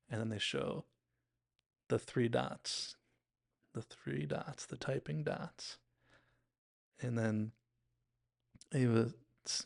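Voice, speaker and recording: A man's voice: medium pitch, vocal fry, darkish tone. A young man casually retelling and analysing a TV episode, rambling with fillers and restarts. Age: young adult. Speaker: show recap host.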